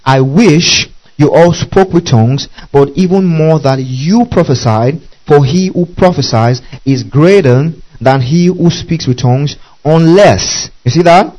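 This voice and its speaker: A man's voice: a little high, unhurried, hardly any pauses, a little mellow, rough recording. A male preacher reading scripture aloud and explaining it, repeating key words and often asking "okay?" and telling listeners to underline. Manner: checks in constantly with "okay?" and "underline that". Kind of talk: Bible teaching sermon.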